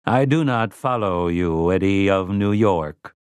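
A man's voice: low-pitched, animated, measured pace, clean tone, no room sound. A man voicing a smug, overly polite male robot servant who speaks in formal, courtly phrasing. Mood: smug politeness.

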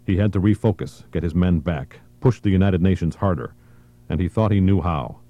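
A man reading a thriller audiobook in a measured, even narration. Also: low-pitched, no echo.

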